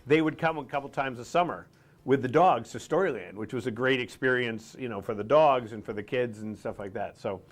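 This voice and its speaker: A man's voice: mid-range voice, brisk. A middle-aged man from Rhode Island hosting a live morning show, chatting casually and rambling with lots of fillers.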